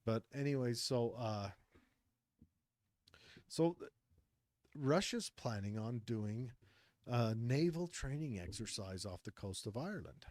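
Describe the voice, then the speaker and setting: A man's voice: mid-range voice, animated, slow, pauses often, darkish tone, no room sound, clean studio sound. A man co-hosting a podcast in casual chat, rambling with frequent restarts as he reads out a news story. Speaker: podcast co-host.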